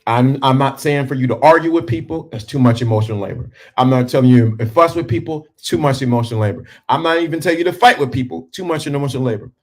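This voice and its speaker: Male motivational speaker, mid-pitched, emphatic, with quiet calm stretches. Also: fast talker, hardly any pauses. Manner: emphatic, swings from punchy to hushed and calm. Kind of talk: motivational talk to men.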